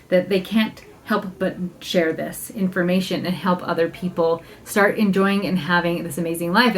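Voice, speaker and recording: A woman at a middle pitch talks through a casual podcast monologue as a life coach. She is upbeat and chatty, laughs easily, and acts out her own inner thoughts as little quotes. When something matters, she slows down and leans on the words. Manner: emphatic, slows down to stress key points.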